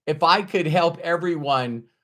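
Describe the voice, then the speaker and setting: A man's voice: a little high, a little slow, bright, forceful tone. A middle-aged man giving a motivational talk to camera, emphatic, repeating his key phrases for effect. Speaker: motivational speaker.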